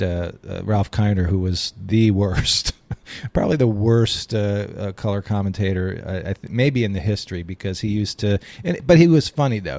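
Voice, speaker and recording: A man's voice: on the low side, darkish tone, dry recording. A middle-aged man hosting a casual sports podcast, easygoing and reminiscing as he steers the talk. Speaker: podcast host.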